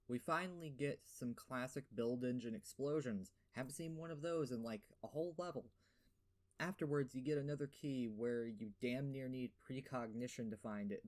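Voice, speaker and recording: Sarcastic man with a lisp. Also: medium pitch. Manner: sarcastic, profane ranting with fillers. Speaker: gaming video host. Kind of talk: game review voiceover.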